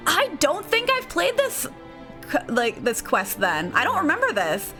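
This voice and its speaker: Bubbly young woman streaming a game, high bright voice, game music quietly behind. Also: huge pitch swings, measured pace. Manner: bubbly, giggly, voices the characters. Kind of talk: live game stream commentary and reading dialogue aloud.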